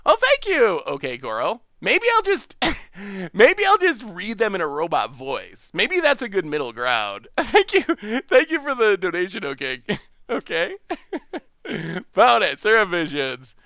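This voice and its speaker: A male streamer talks through an online card game in a high, lively voice that swoops up and down. He thinks aloud, restarts his sentences and laughs often. His sound is dry and close. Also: unhurried, dry recording. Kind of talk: live gameplay commentary.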